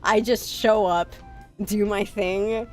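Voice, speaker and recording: A woman's voice: mid-range voice, fairly even intonation, slow. Rambling young woman streamer. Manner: rambling, lots of fillers, self-deprecating laughs. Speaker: VTuber streamer. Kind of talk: casual stream chat. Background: faint music.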